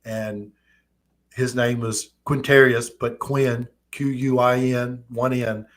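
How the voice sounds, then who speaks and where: A man in his thirties hosts a casual live-streamed chat. He tells his stories in quick, animated bursts, and his voice sits at an everyday middle pitch. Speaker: host.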